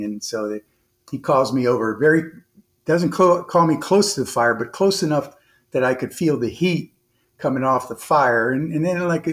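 Rambling former naval officer telling a story. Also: male voice, mid-range voice. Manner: rambling, frequent restarts and fillers; earnest, animated retelling with quoted dialogue. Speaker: podcast guest. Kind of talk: conversational storytelling.

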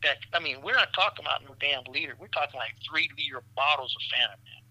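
A man, a physician guest, telling stories in an animated, profane way, laughing often and calling the listener "man" and "brother". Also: fairly high pitch, fast, rough recording. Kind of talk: animated storytelling in a podcast interview.

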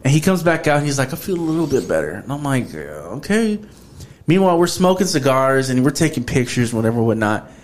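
A man's voice: mid-range voice, very animated, fast, slight background noise. A man hosting a podcast in casual chat, telling stories loosely and swearing often. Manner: loose storytelling full of profanity and "bro". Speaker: podcast host.

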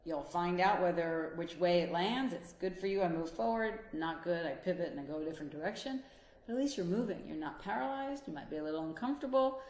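A life coach and couples therapist with a somewhat low, slightly mellow voice delivers a quick-paced motivational monologue. She addresses the listener directly, earnest and encouraging, and her words ring through a roomy, echoey space.

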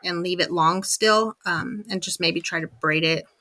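Bright-toned lady on a podcast, chatting freely, goes on and on telling stories. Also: lowish voice, normal speed. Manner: candid, rambling storytelling. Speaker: podcast guest. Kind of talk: casual interview chat.

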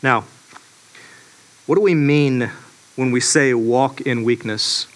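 A man preaching a sermon in a relaxed, storytelling way, full of fillers and restarts. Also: medium pitch, takes it slowly. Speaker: pastor.

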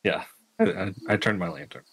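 Matter-of-fact low-voiced man. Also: a little fast, breathy edge. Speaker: player. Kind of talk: casual tabletop game play.

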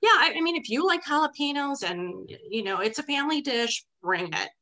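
A woman's voice: high-pitched, fairly quick. A middle-aged woman, a teacher, telling a story casually and animatedly, acting out what she said. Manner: animated, acts out her own past words.

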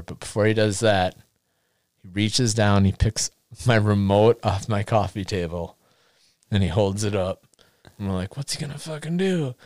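A man telling a story in casual chat, animated, laughing often and acting out quotes. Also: lowish voice, no echo, studio quality. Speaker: podcast guest storyteller.

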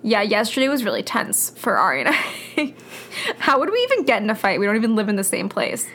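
A woman's voice: mid-range voice, big pitch swings, fairly quick, fairly bright tone, a little hiss or hum. A young woman co-hosting a podcast, chatting casually in a playful, joking way and laughing often. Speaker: podcast co-host.

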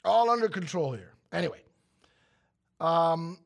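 A man's voice: fairly high pitch, very animated, fairly quick, vocal fry. A man in his fifties, a co-host telling rambling stories in a wry, joking way before a sports rundown. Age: 50s. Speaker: radio show co-host. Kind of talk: casual chat and sports rundown.

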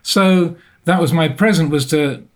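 A man telling a personal story as an interview guest, thoughtful and self-deprecating, often pausing to rephrase. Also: on the high side. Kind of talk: reflective storytelling.

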